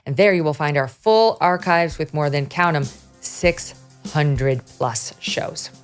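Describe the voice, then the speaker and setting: Blunt animated woman talk show host. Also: deep voice, takes it slowly, faint music behind. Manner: blunt, animated, laughs often. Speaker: podcast host. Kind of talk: opinionated talk show chat.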